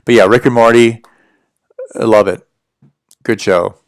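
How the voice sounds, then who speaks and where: A man's voice: lowish voice, steady tone, measured pace, dry recording, clean studio sound. Chatty American man on a livestream. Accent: General American. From United States. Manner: rambling, chatty, answers viewer questions. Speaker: livestream host. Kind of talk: casual livestream chat.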